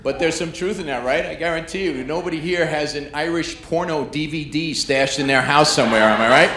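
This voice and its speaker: A brash New York stand-up comedian, male with a voice on the high side, works the crowd from a comedy club stage, baiting the audience at a fairly quick pace with few pauses. The set is recorded in an echoey club full of loud crowd noise.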